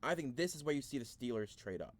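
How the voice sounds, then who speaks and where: A man's voice: medium pitch, expressive, quick pace. A man hosting a casual sports video, thinking aloud through a mock draft, rambling and easily frustrated, with many restarts.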